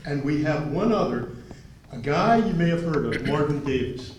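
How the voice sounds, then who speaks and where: A man moderating a dinner event, telling an anecdote in an animated way and acting out quotes. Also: a little high, moderate pace, slight background noise. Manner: animated storyteller, acts out quotes. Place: large banquet hall. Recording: echoey hall, speaker far from mic.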